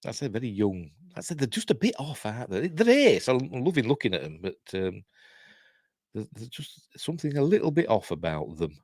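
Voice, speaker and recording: A husky, darkish voice of medium pitch swings widely and moves briskly as an older Yorkshire-accented man hosts a live news stream. He thinks aloud in casual chat, his wry asides trailing off, recorded dry at studio quality.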